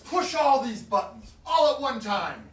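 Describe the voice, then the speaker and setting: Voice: high voice, animated, measured pace. An improv performer in a comedy scene, teasing and sly. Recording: echoey stage, far mic, faint noise.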